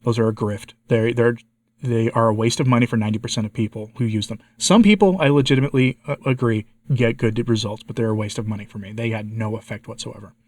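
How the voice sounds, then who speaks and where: A man's voice: medium pitch, fairly even intonation, fast talker, a little mellow, no room sound. Congested man vlogging a personal update. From United States. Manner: candid, frustrated, asking viewers for advice. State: congested, slightly hoarse. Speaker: vlogger, channel host. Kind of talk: casual personal update to viewers.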